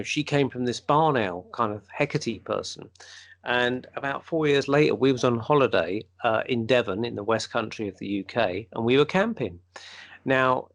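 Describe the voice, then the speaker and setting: Male podcast co-host, gravelly, animated storyteller who plays out the dialogue. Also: medium pitch. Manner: animated storyteller, acts out quoted speech.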